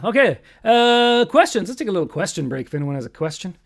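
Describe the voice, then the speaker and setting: A singer-songwriter hosting a casual livestream from a home room has a voice on the high side, sing-song and creaky, and talks a little fast. He sings comic songs over loud acoustic guitar and chats loosely between them with self-deprecating remarks.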